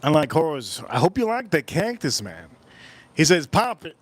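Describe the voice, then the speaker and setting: A man's voice: a little high, big pitch swings, moderate pace. A man hosting a casual livestream, rambling and repeating his phrases as he chats with viewers at home. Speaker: livestream host.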